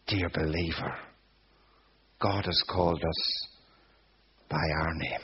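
A man preaching a sermon at a deliberate, unhurried pace, his voice carrying a husky edge. He builds emphatic, repeated phrases as he goes. The recording sounds dull and lo-fi. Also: sits low.

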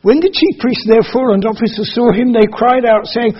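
Male preacher, raspy and high-pitched, reading and expounding scripture, muffled lo-fi sound. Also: fairly quick. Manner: reads scripture aloud then explains it, swinging between soft and emphatic. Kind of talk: expository sermon on scripture.

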